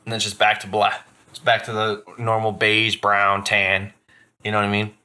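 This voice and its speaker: A man hosting a podcast in casual chat, telling rambling, profane stories full of "dude" and "bro", and jumping up in pitch when he quotes someone. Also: normal speed. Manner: animated, jumps up in pitch for quoted voices. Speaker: podcast host.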